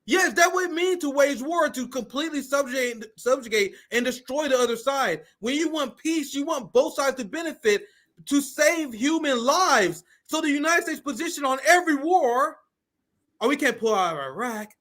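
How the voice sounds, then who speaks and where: A man's voice: very high voice, normal speed, a bit bright. A man hosting a reaction commentary stream, talking bluntly with profanity and mockery. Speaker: political commentary host.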